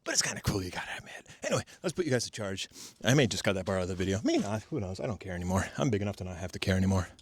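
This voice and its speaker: A man's voice: low-pitched, expressive, racing, husky, no echo. A man with a cold, chatting casually and swearing as he tends a fire outdoors and explains his method for a DIY vlog. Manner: chatty, profane, self-mocking, explains as he works. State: has a cold. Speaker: DIY homestead vlogger. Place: outdoors at a fire pit in a valley.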